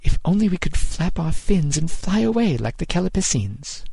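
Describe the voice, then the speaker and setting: Guy doing a jittery old-school ship's scientist, voice way up high and strained, urgent and scholarly, audiobook style. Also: sing-song, normal speed, gravelly, dark tone, slightly rough, dry recording, full character voice. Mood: resigned. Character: excitable male ship's natural philosopher, scholarly and anxious.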